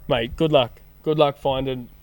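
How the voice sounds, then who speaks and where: A man's voice: mid-range voice, measured pace, dry recording. A young Australian man on a podcast, telling a story with lots of swearing and acted-out dialogue. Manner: animated storyteller, swears freely, acts out dialogue. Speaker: podcast guest. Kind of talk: casual chat, storytelling.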